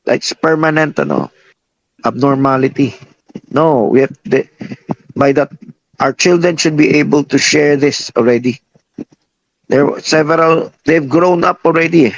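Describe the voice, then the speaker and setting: A man's voice: a little high, unhurried, pauses often, no echo, dull audio. A man preaching a sermon, teaching by firing questions at the congregation and repeating himself. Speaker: pastor.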